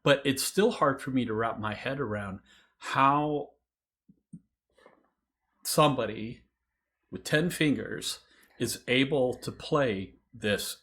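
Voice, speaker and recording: A man's voice: medium pitch, slow pace, pauses often, fairly bright tone. A man hosting a casual music reaction chat, thoughtful, counting beats aloud and laughing often. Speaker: host.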